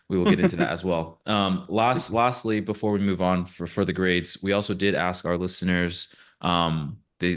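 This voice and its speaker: A man co-hosting a casual sports podcast, relaxed and hesitant with frequent fillers. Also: deep voice. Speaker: podcast co-host.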